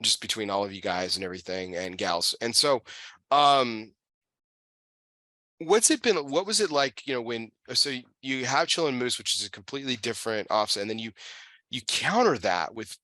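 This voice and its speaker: A man's voice: mid-range voice, lively intonation, moderate pace, sharp tone, no room sound. A man hosting a casual talk show, chatting loosely with many fillers and restarts. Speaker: podcast host. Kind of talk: casual chat.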